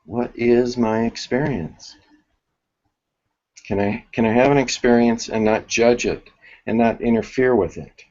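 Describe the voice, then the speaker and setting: A man teaching a spiritual workshop, thinking aloud with many restarts and pauses. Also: mid-range voice, darkish tone, dull audio.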